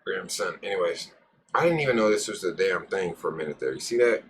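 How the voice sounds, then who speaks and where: A man's voice: low-pitched, expressive, fast, vocal fry, slight background noise. A man hosting a casual live stream, rambling, joking with his viewers and cursing freely. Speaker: cannabis live-stream host.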